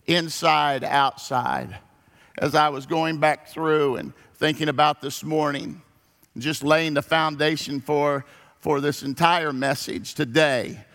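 A man preaching a sermon, telling folksy stories in an animated way. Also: on the high side. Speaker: pastor. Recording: long hall reverb.

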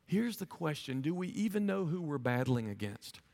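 High-voiced preacher in a reverberant hall. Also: male voice, very animated, normal speed, creaky, a little mellow. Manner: earnest preaching, rhetorical questions to the congregation. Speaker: pastor. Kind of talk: sermon.

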